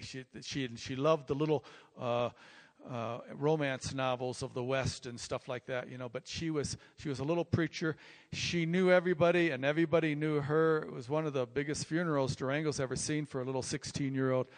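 An older man, a pastor, telling a personal story in sermon style, rambling and repeating himself, growing animated. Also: mid-range voice. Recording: long reverb from a large hall.

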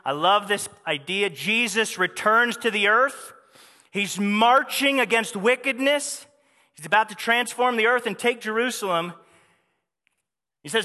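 A man delivers a sermon in a high, bright voice, pressing his points with fervent repetition. His words ring out with the long reverb of a large hall. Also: measured pace. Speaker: pastor.

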